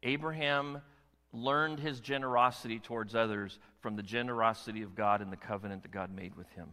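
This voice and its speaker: A man preaching a sermon as pastor, animated and emphatic, with many rhetorical questions to his church. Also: lowish voice, a little fast. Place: church sanctuary. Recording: long hall reverb.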